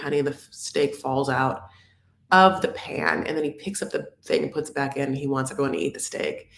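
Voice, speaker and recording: Low-pitched lady dishing on reality tv live, campy and rambly, calls everyone honey. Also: a little hiss or hum. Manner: chatty and campy, calls viewers honey and my loves; rambling, full of likes and restarts. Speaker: reality TV recap host. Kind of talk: gossipy live recap chat.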